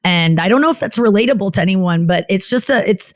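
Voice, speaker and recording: A female comedian guests on a candid podcast interview, rambling and repeatedly breaking off with "like" before starting over. Her pitch leaps upward whenever she impersonates what others said. She talks fast and animatedly, with no echo on the recording.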